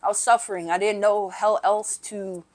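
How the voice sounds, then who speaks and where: A middle-aged woman, a guest on a recovery podcast, telling her story candidly and haltingly, often tagging "right?" and "you know". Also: medium pitch, fairly even intonation, darkish tone.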